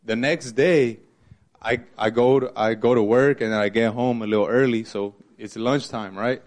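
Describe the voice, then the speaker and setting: A man with a low voice telling a personal story in a casual group chat, animated and laughing often. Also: moderate pace. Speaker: group participant sharing a story.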